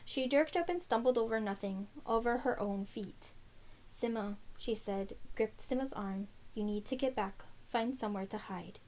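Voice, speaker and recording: Lady reading a fantasy chapter out loud, steady storyteller pace, bit of a high voice. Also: normal speed, poor audio. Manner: steady storytelling read with occasional slips. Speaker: audiobook reader. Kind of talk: scripted narration.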